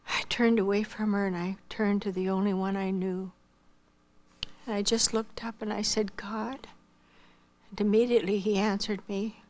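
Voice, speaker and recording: A woman giving a spoken missionary testimony, telling her story earnestly and quoting the dialogue. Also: mid-range voice.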